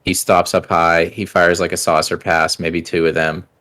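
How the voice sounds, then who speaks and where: A man's voice: low-pitched, little pitch movement, normal speed, a bit bright. A man co-hosting a gaming podcast, reading listener questions aloud and chatting loosely. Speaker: podcast co-host. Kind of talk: casual chat.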